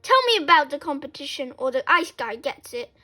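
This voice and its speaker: A woman's voice: extremely high pitch, big pitch swings, slow pace, bright, forceful tone, faint music behind, full character voice. A woman reading a story aloud and voicing a cheeky, scheming schoolboy with a sly, cocky swagger.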